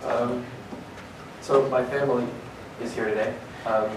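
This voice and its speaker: A young man giving a prepared conference talk, earnest and a bit halting, with fillers between points. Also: mid-range voice, steady tone. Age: young adult. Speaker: conference speaker. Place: conference hall. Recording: roomy, distant mic, faint noise.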